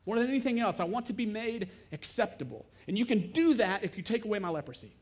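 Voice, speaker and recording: A man's voice: sits high, animated, fast. A man voicing a desperate, resigned male leper who begs to be accepted, in a dramatized sermon monologue. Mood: resigned longing. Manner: pleading, plain-spoken.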